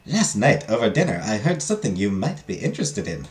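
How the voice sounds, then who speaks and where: A man voicing an excitable scheming noblewoman accomplice who hisses and gushes in a raised voice. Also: on the low side, brisk, roomy sound. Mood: confiding. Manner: breathless, gushing whisper-hiss.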